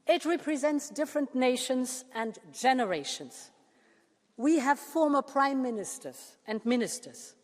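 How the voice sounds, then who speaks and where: A woman leader giving a formal prepared speech to a parliament. She speaks in a measured way and slows down with pauses to stress key words. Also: high-pitched. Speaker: political leader addressing a parliament. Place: large parliament chamber. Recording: long reverb of a large chamber.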